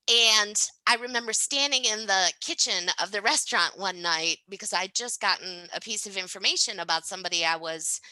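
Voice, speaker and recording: Bright-voiced woman telling stories. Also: fairly low pitch, smooth, dry recording, rough recording. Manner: animated, frequent "right?" tags and laughs. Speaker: podcast guest, channeler. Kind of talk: casual conversational storytelling.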